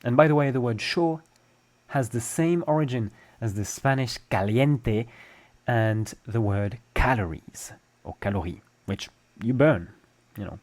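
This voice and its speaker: Man, French accent, language teacher, patient step-by-step explanations, mid-pitched voice. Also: a little slow, darkish tone. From France.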